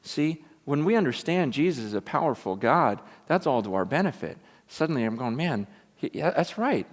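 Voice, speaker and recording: A man preaching a sermon in a lively, animated way, acting out quotes and building to loud, excited peaks. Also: mid-range voice, moderate pace. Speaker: pastor. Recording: long reverb of a large hall.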